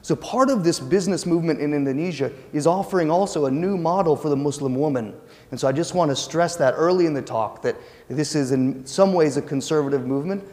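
A man's voice: fairly high pitch, darkish tone, big-room sound. A man giving an academic lecture in a conversational, explanatory way with occasional hesitations.

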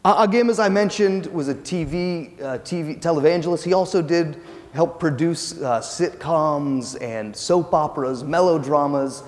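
A man's voice: fairly high pitch, moderate pace, long reverb tail. A man giving an academic lecture in a conversational, explanatory way with occasional hesitations.

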